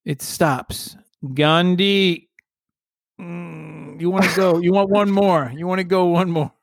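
A man's voice: high voice, fairly even intonation, a little slow, vocal fry, no echo, studio quality. A man in casual conversation as a podcast co-host, musing and rambling with playful banter. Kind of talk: casual chat.

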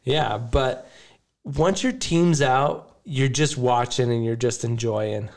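A man's voice: mid-range voice, slow. A man hosting a hockey podcast, talking in a casual, rambling and emotional way, often laughing. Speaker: podcast host. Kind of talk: casual chat.

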